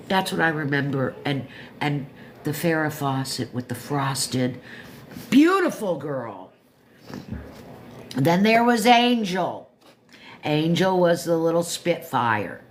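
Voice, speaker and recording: A woman's voice: low voice, slight background noise. A woman in her fifties hosting a livestream, talking casually in a meandering, chatty way full of asides and self-corrections. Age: 50s. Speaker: livestream host reviewing a book. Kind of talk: casual rambling chat.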